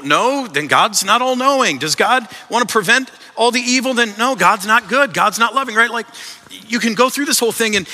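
A man's voice: very high-pitched, sharp tone. A man preaching a sermon as a pastor, earnest and conversational, often repeating his words as he goes. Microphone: microphone. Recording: long reverb in a large hall.

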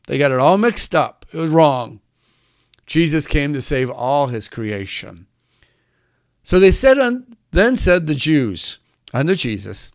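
A man's voice: a little high, expressive, a little slow, clear, resonant tone, no room sound, clean studio sound. A man preaching a sermon, emphatic and drawn out, his voice climbing on the key words.

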